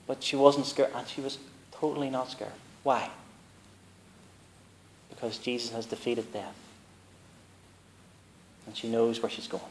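A man's voice: mid-range voice, a little hiss or hum. A man preaching a sermon in a church. He talks conversationally, reads King James scripture aloud, and builds up to emphatic, rising declarations.

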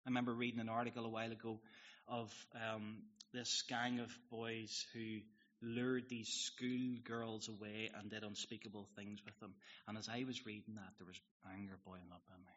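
A Northern Irish man preaching a sermon in an easy, talky way, wandering into asides and tossing questions at the congregation. His voice is bright and forward, and the recording is a little dull and lo-fi. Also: fairly low pitch, flat delivery, moderate pace. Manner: conversational, digressive, with asides and rhetorical questions.

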